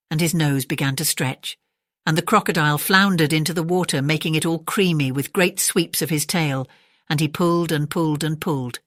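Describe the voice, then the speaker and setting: A woman reading a bedtime story aloud in a calm, measured way, turning to the listener now and then. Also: deep voice, dry recording, studio quality.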